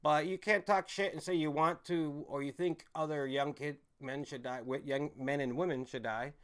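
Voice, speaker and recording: A man hosting a casual livestream, rambling and swearing as he reads chat comments aloud, with loud outbursts that drop to low mutters. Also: steady tone, moderate pace, smooth. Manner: swings from loud emphatic bursts to low mumbles. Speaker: livestream host.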